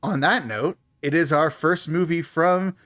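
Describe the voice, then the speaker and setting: A man's voice: on the high side, unhurried, a bit bright. Giggly man chatting about movies. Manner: laughs often, fillers like "like". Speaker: podcast co-host. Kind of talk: casual movie review chat.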